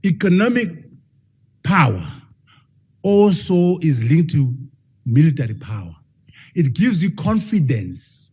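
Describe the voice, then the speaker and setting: A husky-voiced man lectures a live audience with real drive. His pitch is fairly high and swings widely as he leans on key points. He keeps throwing rhetorical questions at the room. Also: very animated, takes it slowly, long pauses, darkish tone. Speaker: professor giving a public talk.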